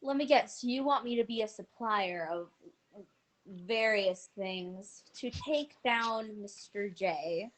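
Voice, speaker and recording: A woman's voice: mid-range voice, slow, close to an everyday voice, low-quality recording. A woman voicing a mysterious masked male dealer in a tabletop game, speaking in her own plain voice. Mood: scheming.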